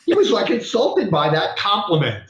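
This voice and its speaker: Animated rock singer telling stories, roomy sound. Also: male voice, sits high, normal speed, highs cut off. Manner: animated, laughs often, swears casually. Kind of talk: casual storytelling interview. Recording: roomy echo.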